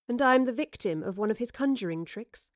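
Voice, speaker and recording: A woman's voice: on the high side, animated, brisk, no echo, studio quality, natural voice. A woman voicing a prim, formal old-fashioned young lady who scolds bad language in an audiobook.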